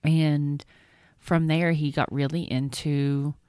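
A woman's voice: deep voice, flat delivery, slow, mellow, clear, resonant tone, no room sound, studio quality. Chatty woman podcast co-host. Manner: chatty, rambling storyteller, swears casually. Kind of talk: casual chat.

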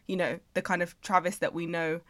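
A woman hosting a podcast, asking thoughtful questions in a halting, casual way. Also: fairly low pitch, little pitch movement, fairly bright tone, no echo. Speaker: podcast host. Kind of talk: interview questions, casual chat.

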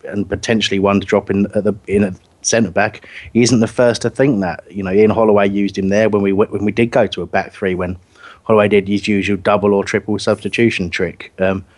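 Chatty low-voiced man host. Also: little pitch movement, fairly quick. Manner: chatty, rambling, laughs often. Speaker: podcast host. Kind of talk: casual chat.

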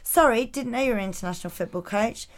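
A woman's voice: fairly high pitch, quick pace. A woman co-hosting a podcast, reading listener rants in a wry, sardonic way. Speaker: podcast co-host. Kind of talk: casual podcast chat.

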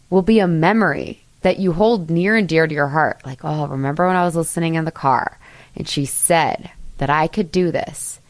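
A woman's voice: mid-range voice, fairly bright tone, no room sound. A middle-aged woman hosting a motivational podcast, talking in an enthusiastic, chatty way and laughing at her own jokes. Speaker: podcast host.

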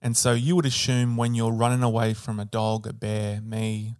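A man's voice: lowish voice, little pitch movement, normal speed, darkish tone, smooth, dry recording, studio quality. A man co-hosting an educational podcast, explaining step by step with fillers, self-corrections and the odd joke. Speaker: podcast co-host. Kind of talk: casual educational chat.

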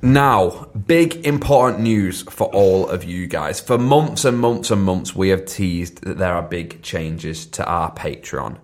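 A man co-hosting a comedy podcast, deadpan and slow to land his jokes in casual chat. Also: deep voice. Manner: deadpan, drawn-out delivery. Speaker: podcast co-host.

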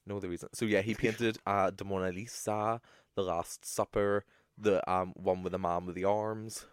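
A young man co-hosting a podcast, talking in a chatty, animated way that is full of swearing. His voice sits fairly low, and the recording is dry and close. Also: normal speed, clean tone, no room sound. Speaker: podcast co-host. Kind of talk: casual chat.

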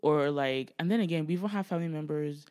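A Nigerian woman in her twenties co-hosts a casual podcast, a chatty storyteller who loudly acts out quotes and laughs often. Her voice is low-pitched and she talks fast. The recording is dry, with clean studio sound.

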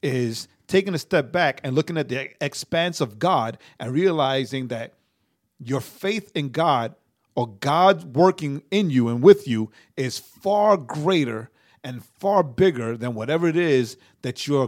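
A man's voice: mid-range voice, lively intonation, unhurried. A young man co-hosting a casual faith podcast, rambling, stammering into restarts and tagging his sentences with "right?". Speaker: podcast co-host.

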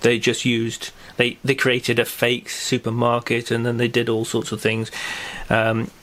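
Rambling man, flat voice. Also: mid-range voice, measured pace. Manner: rambling, many fillers and restarts. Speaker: podcast co-host. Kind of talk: casual chat and news rundown.

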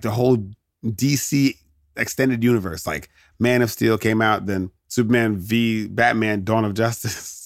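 With a lowish voice and noticeable vocal fry, a podcast host rambles through casual commentary. He drifts into jokes and laughs frequently, and the studio-clean audio has no room sound.

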